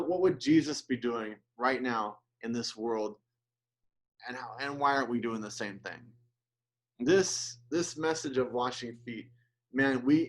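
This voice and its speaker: A male pastor giving an earnest, conversational sermon, with restarts and asides, who gets emotional as he speaks. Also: medium pitch.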